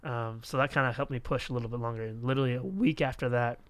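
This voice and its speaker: A man's voice: mid-range voice, steady tone, fast talker, clear, resonant tone, no room sound. A young man from Florida, a youth pastor, telling a rambling story in casual conversation. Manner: rambling storyteller, acts out quoted voices.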